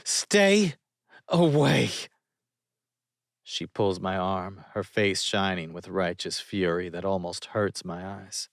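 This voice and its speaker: A man narrating a romance audiobook in the first person, measured and steady. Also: deep voice, no room sound, studio quality.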